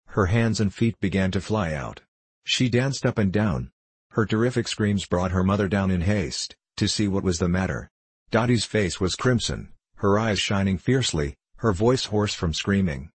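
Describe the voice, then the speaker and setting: A man reading a children's storybook aloud in a measured, even way. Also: lowish voice, breathy edge, no room sound. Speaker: audiobook reader. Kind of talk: scripted narration of a children's book.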